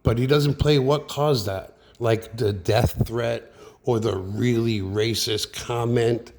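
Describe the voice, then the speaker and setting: A radio hobbyist vlogs in an angry, profane, rambling rant about his radio troubles, packed with fillers, while a handheld radio sits nearby. His mid-range voice is creaky and darkish, with fairly even intonation and a slow pace.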